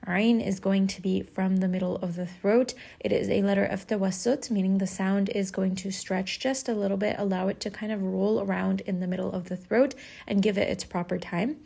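A woman's voice: mid-range voice, fairly even intonation, fairly quick, vocal fry, mellow. A woman teaching Quranic recitation rules step by step, patiently explaining and modeling each sound. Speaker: tajweed teacher.

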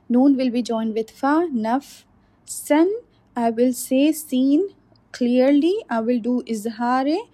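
A woman teaching careful recitation and pronunciation, slowly demonstrating each sound and correcting common mistakes. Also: fairly high pitch, warm tone, no echo. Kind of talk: tajweed pronunciation lesson.

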